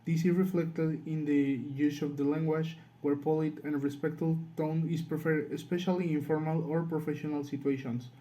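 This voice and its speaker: A man's voice: on the high side, flat delivery, moderate pace, hardly any pauses, mellow, poor audio. A man with a Latin American Spanish accent reading a class presentation from a script. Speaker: student presenter.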